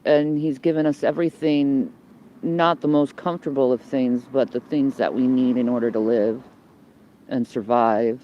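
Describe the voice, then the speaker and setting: A woman's voice: a bass voice, fairly even intonation, moderate pace, highs cut off, slight background noise. Foul-mouthed woman ranting into her phone. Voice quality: heavy swearing, blunt and combative. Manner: rambling, repeats herself. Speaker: livestreamer. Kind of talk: homeless livestream rant. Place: outdoors under a building in the cold. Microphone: phone held by the speaker.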